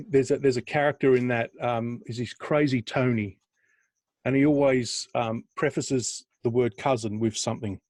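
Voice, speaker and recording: A middle-aged man in casual podcast chat, meandering through his stories with frequent laughs and restarts. His voice sits at an ordinary pitch and is recorded close and dry, with no room sound around it. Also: a little mellow, no echo. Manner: rambling, chatty, laughs often, restarts. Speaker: podcast co-host.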